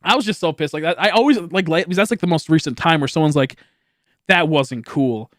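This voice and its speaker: A man's voice: fairly high pitch, expressive, racing, no room sound, clean studio sound. A young man streaming, telling a story in a rambling, casual way with lots of swearing and laughter. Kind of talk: casual livestream chat.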